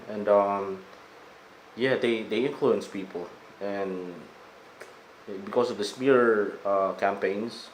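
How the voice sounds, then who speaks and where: A man in a casual conversation, talking hesitantly and haltingly with many fillers. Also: lowish voice, reverberant, a little hiss or hum, poor audio. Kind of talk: casual chat.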